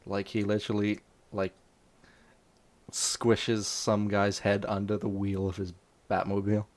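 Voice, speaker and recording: A man's voice: fairly low pitch, little pitch movement, measured pace. A man guesting on a podcast, speaking casually and a little hesitantly. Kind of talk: casual chat.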